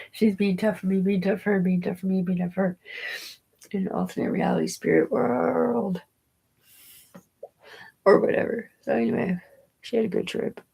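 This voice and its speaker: A woman's voice: mid-range voice, steady tone, moderate pace, vocal fry, pauses often, dark tone, husky, low-quality recording. A woman telling a rambling personal story about her daughter, full of fillers, restarts, casual swearing and laughs. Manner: chatty and digressive, with frequent fillers and restarts.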